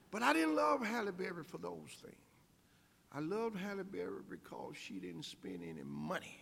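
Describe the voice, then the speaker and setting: A man's voice: high voice, normal speed, vocal fry, a bit bright. An older man giving an inspirational convocation speech as guest speaker, emphatic with preacher-like repetition. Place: large convocation hall. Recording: echoey hall.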